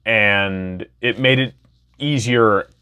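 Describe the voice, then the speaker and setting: A man's voice: lowish voice, slow pace, bright, forceful tone, clear, resonant tone. A man in his thirties from Wisconsin telling his personal story in a candid, enthusiastic, casual way. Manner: candid, enthusiastic, loose with fillers. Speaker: podcast host.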